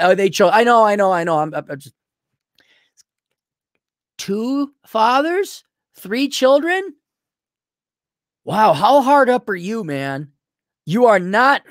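A man's voice: no room sound, studio quality. Brash, mocking man giving blunt advice. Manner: brash and mocking, lively swoops in pitch. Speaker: advice show host. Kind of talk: blunt paid advice rant.

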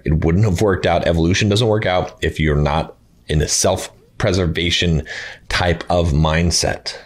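A man's voice: steady tone, unhurried. A man giving blunt dating advice to his viewers in a casual monologue, acting out quoted lines. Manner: blunt, emphatic, acts out quoted lines with higher pitch.

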